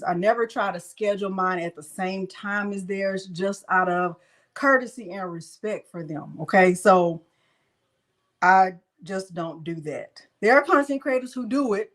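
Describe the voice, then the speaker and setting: A woman's voice: mid-range voice, low-quality recording. A woman hosting a casual crafting live stream from home, chatting with viewers and her dog.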